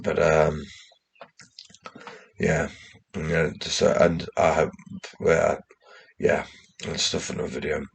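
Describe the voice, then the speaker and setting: Very deep gravelly rambling English man. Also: completely flat delivery, takes it slowly. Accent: mixed West Midlands, Geordie and posh English. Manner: rambling, sweary, anxious. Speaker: channel host. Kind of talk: casual vlog monologue.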